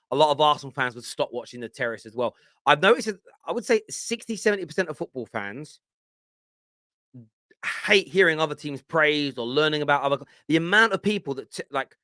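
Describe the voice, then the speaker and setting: A man in his forties with a London accent, hosting a football fan show with animated, blunt banter. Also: mid-range voice, dry recording, studio quality. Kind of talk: live chat show rant.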